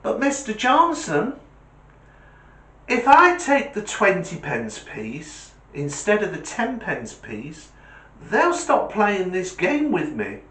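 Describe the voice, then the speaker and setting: Man voicing a little British boy, high boyish voice, sly, cocky, bouncy pitch, roomy echo. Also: wildly swooping pitch, slow pace, a bit bright, exaggerated voice. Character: cheeky clever little boy, sly know-it-all.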